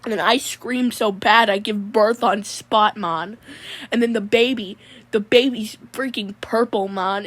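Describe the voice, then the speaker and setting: A woman telling a rambling comic dream story, peppering it with 'Mon'. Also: a little high. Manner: rambling, says 'Mon' constantly. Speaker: comedy character storyteller.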